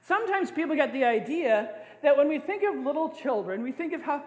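A man's voice: very high voice, sing-song, brisk, hardly any pauses, a little mellow. An older man preaching a sermon as a pastor, playful and often laughing as he acts out scenes. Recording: echoey hall with long reverb.

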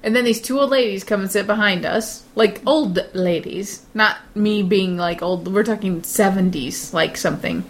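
A woman co-hosting a casual podcast chat, an animated storyteller full of quick asides. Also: mid-range voice. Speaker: podcast co-host.

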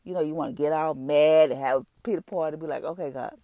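A woman's voice: deep voice, fast talker, dark tone, no echo. A woman giving an informal devotional talk, then praying aloud in a conversational way and repeating her invocations. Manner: conversational, repeats "Father, Lord" while praying. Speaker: devotional speaker.

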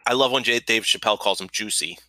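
A man's voice: fairly low pitch, fast, sharp tone, dry recording. A man co-hosting a podcast in casual chat, joking and swearing with many fillers. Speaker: podcast co-host.

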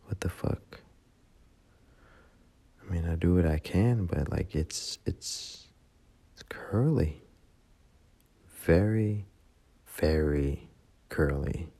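A drunk man talks slowly into his phone, rambling and swearing. His voice sits very low and dark, with a husky, gravelly edge. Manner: rambling, profane, heartfelt. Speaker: voice memo rambler.

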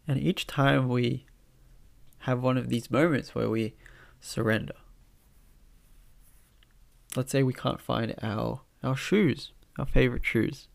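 A man with a blocked nose and a nasal voice, giving a gentle, reflective spiritual talk. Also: medium pitch, fairly even intonation, takes it slowly, creaky, long pauses.

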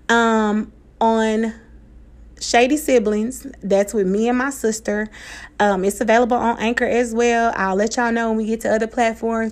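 Candid woman with a Black American vernacular accent. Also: on the high side. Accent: African American Vernacular English. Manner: candid, emotional, swears freely, laughs often. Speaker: podcast host. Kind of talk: casual personal podcast monologue.

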